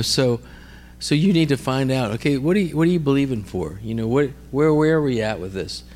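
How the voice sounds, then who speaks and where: He sounds animated and fairly quick, with a medium pitch and a slightly mellow quality. This preacher teaches healing ministry through storytelling, checking in with "all right?" and "amen?" and often repeating or restarting words as he goes.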